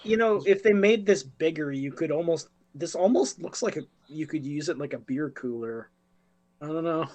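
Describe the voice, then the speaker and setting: A man co-hosting a casual podcast and thinking out loud in a relaxed way. His voice sits a little above the usual male range. He speaks in a plain, conversational tone. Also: a little high, moderate pace.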